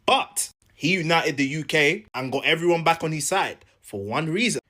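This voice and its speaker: A man telling a comic story in an animated, jokey way, acting out each side. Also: on the high side, moderate pace. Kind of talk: comedic storytelling.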